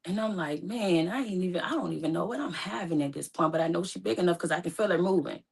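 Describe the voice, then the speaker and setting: Low-voiced woman telling a story. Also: fast talker, creaky, husky. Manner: animated, acts out both sides of phone calls. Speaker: guest telling her story. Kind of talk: emotional personal storytelling.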